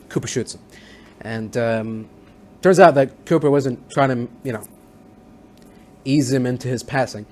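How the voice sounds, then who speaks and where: Reviewing a TV series in a relaxed, rambling way, this man keeps restarting and using fillers, now and then performing lines in quick voices. His tone is a little mellow, at medium pitch.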